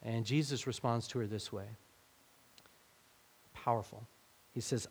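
A man's voice: medium pitch, measured pace, long pauses, darkish tone, breathy edge. Conversational man preaching a sermon. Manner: conversational, acts out quoted speech with rising emphasis. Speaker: pastor.

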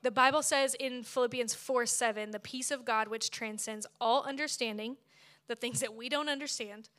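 A woman in her thirties is preaching, with a high voice that rings clear and bright. She tells her own story in an expressive, lively way, and her telling is full of laughter. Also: normal speed. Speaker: speaker at church. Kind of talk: personal testimony sermon.

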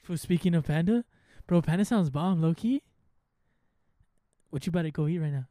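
Young cali guy, mellow dark voice, slangy and sweary, dry close mic. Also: on the high side, moderate pace, dry recording. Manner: slangy, swears freely, laughs while telling stories. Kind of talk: casual chat.

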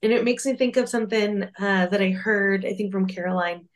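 A woman's voice: medium pitch, fairly quick. Earnest woman musing on a podcast. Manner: earnest, reflective, lots of "like" fillers. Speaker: podcast co-host. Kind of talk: casual faith-based podcast chat.

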